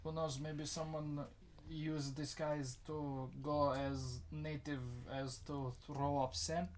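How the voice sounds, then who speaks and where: A man running a tabletop game as dungeon master, narrating in a loose, halting way. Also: fairly high pitch, little pitch movement.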